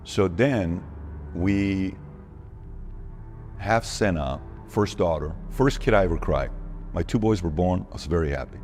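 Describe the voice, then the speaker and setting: A man telling a personal story in an interview, acting out the dialogue with lively shifts in his voice. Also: deep voice, a little slow, pauses often, faint music behind. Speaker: interview guest.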